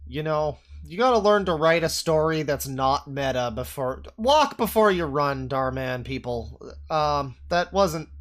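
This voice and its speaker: A man's voice: fairly high pitch, expressive, measured pace, hardly any pauses. A man streaming from a home setup with a desk microphone, reacting to videos with exasperated, sweary ranting. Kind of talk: live-stream reaction commentary.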